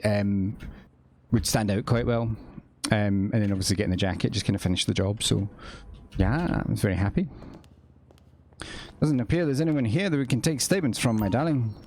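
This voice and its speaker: A man playing a posh, excitable news reporter with a radio-presenter voice, calling his partner "my darling" in a role-play game. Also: fairly low pitch, a little fast, a little hiss or hum, natural voice.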